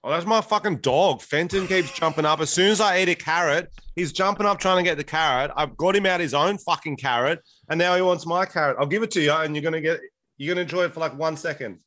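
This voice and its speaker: Australian man, fairly high bright voice, dry sound, casual call chatter. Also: fast, dry recording. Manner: swearing, laid-back. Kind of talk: casual chat.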